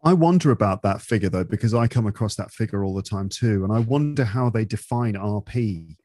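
A man's voice: lowish voice, lively intonation, fairly quick, mellow, dry recording, clean studio sound. An English man with a modern Received Pronunciation accent and slight Midlands and London traces, chatting and explaining, thinking aloud with many hedges. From England. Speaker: English teaching podcast host, interview guest. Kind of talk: casual explanatory chat.

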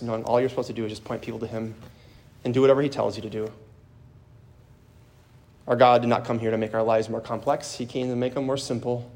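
Man, priest giving a homily, earnest, storytelling, mid-pitched voice. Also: a little mellow.

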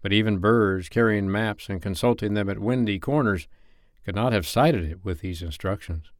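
A man reading a classic children's novel aloud as a bedtime story, in an expressive, lively manner. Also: lowish voice, moderate pace, no room sound, clean studio sound.

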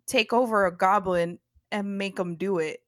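A young woman co-hosting a podcast in casual chat, animated and quick to laugh. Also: mid-range voice, slight background noise. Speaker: podcast co-host.

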